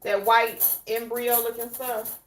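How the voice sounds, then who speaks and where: A woman's voice: on the high side, little pitch movement, takes it slowly, reverberant, music in the background. A woman hosting a casual cooking vlog at home, chatting to viewers as she shows her ingredients. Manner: chatty, addresses viewers as y'all. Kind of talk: casual cooking demo chat. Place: home kitchen.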